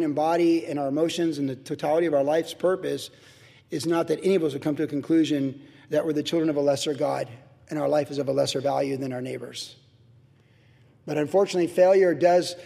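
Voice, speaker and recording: A man's voice: on the high side, creaky, warm tone. A middle-aged man, a pastor, preaching a sermon in an emphatic, conversational way. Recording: long reverb of a large hall.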